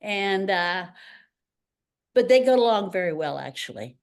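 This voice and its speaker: Slightly slow, with a clean tone and a mid-range voice, an older Canadian woman tells stories as an interview guest. Once a ballerina and then a teacher, she brings the tales to life by acting out the voices of the people in them.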